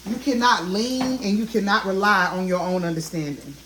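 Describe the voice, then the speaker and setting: A woman's voice: medium pitch, moderate pace, fairly bright tone, slight background noise. A woman in her thirties talks to her viewers while she cooks, speaking in a heartfelt, testifying way and calling them y'all. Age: 30s. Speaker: vlogger. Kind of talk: casual talk while cooking. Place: home kitchen. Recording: echoey kitchen, mic at a distance, cooking sizzle. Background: frying and sizzling food.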